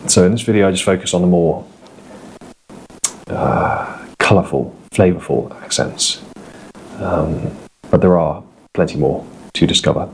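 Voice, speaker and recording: Low-voiced male vlogger, thoughtful and meandering, lots of pauses, faint room noise behind. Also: low-quality recording. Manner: reflective, rambling, with frequent hesitations. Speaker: vlogger doing accent impressions. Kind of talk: casual talk to camera.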